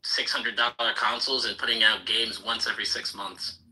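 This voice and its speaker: A man's voice: fairly low pitch, steady tone, moderate pace, pushed and bright, poor audio. A man in a casual chat, arguing his opinions firmly. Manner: opinionated, argumentative.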